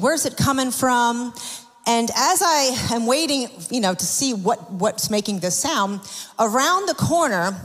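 A woman preaches in a church, telling a story in an earnest, confessional way. Her voice sits a little high. She often restarts her sentences, and a long reverberant tail follows her words around the hall. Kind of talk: sermon testimony.

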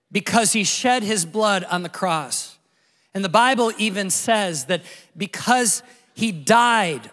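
A man in his forties preaching, his fairly high and bright voice carrying through a big church hall with a long reverb tail. He tells a personal story in a casual, animated way, acting out the moments as a pastor leading a sermon.

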